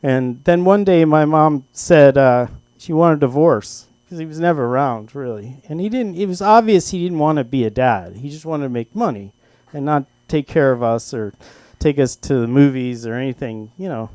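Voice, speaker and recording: An older man at a comedy open mic, telling a long personal story in a halting, self-deprecating way with lots of restarts. His voice sits a bit high for a man and sounds close and dry. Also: animated, darkish tone, dry recording. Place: comedy club stage.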